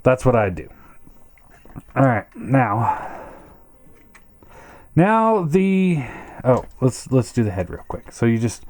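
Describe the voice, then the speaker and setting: A man's voice: medium pitch, sing-song, takes it slowly, long pauses, a little mellow, no room sound. A man giving a casual hands-on toy review, frustrated and swearing, often stammering and repeating himself.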